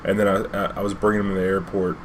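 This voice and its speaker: A man's voice: sits low, level tone, racing, slight background noise. A man, a cab driver telling a casual, rambling anecdote full of fillers and swearing.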